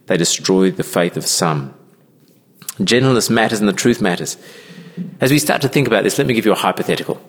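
A man delivers a sermon as pastor, his voice a little husky. He explains earnestly and calmly, mixing scripture with everyday stories. The sound rings with a long hall reverb. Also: on the low side, fairly quick.

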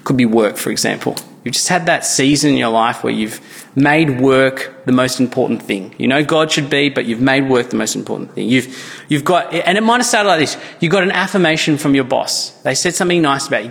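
Give me a gravelly-voiced man in his thirties preaching a sermon in a church. He talks in an earnest, conversational way and often restarts his sentences, with a long reverb trailing his voice through the hall. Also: a little high, a bit bright. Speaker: pastor.

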